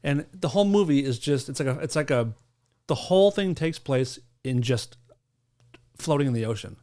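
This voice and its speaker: A man co-hosting a podcast in casual chat, rambling and swearing freely with dark humor. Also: mid-range voice, expressive, normal speed. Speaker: podcast co-host.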